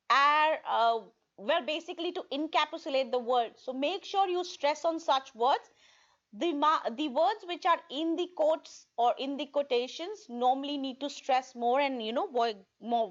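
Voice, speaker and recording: A woman's voice: high-pitched, fairly bright tone. A woman teaching an online test-prep lesson, explaining tips and often checking in with "okay?". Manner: repeats points, checks in with "okay?". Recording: dull lo-fi recording.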